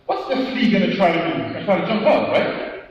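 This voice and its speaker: Speaking quickly in an animated, high-sitting voice, this male motivational speaker keeps his conference audience involved with constant questions and a habitual "right?" He performs his stories with quoted dialogue. Captured from a distance in a large, echoey hall, the sound comes across dull.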